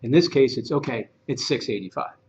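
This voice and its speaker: Man, training presenter, animated and chatty, slightly muffled room recording. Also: medium pitch, brisk, a little hiss or hum. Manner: animated, conversational, acts out dialogue. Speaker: real estate agent and trainer.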